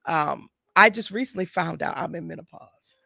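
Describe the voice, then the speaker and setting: A woman in her forties hosting a podcast, chatting in a relaxed way with frequent fillers. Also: lowish voice, normal speed, creaky, no room sound, clean studio sound. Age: 40s. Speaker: podcast host. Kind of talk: casual conversational interview.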